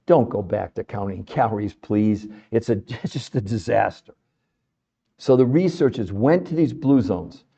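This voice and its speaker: Male podcast host, fired-up and emphatic, mellow darker tone, slightly dull lo-fi recording. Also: lowish voice, normal speed, gravelly, breathy edge. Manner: animated, emphatic, fond of rhetorical questions. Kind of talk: impassioned health talk to an audience.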